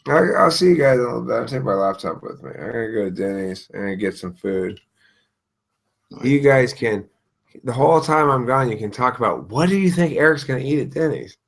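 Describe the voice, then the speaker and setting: A man's voice: medium pitch, lively intonation, normal speed, creaky. A man in casual chat, talking bluntly and crudely, with emphatic, opinionated delivery.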